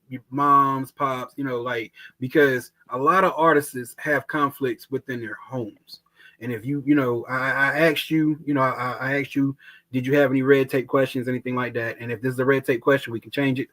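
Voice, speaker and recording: A man hosting a casual podcast interview, talking in an animated way, repeating words and using lots of fillers. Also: mid-range voice, dry recording, low-quality recording. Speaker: podcast host.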